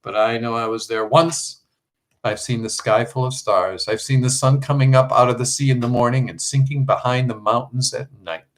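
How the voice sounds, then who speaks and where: A man's voice: mid-range voice, steady tone, moderate pace, lightly acted. Stubborn gloomy marsh creature, gasping but stout, read by a man. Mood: defiant. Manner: stout, short of breath. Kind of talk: audiobook character reading.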